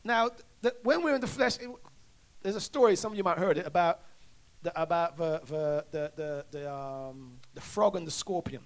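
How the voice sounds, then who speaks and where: A man's voice: a little high, normal speed. A male preacher delivering a sermon, calling for responses and often restarting his sentences. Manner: call-and-response, stammering restarts.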